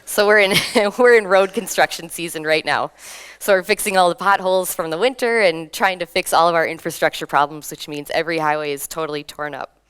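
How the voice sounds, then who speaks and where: A young woman from Minnesota giving a lively conference talk, laughing between points and drawing in the audience. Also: fairly low pitch, fairly quick, clean tone. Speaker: conference speaker. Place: conference hall.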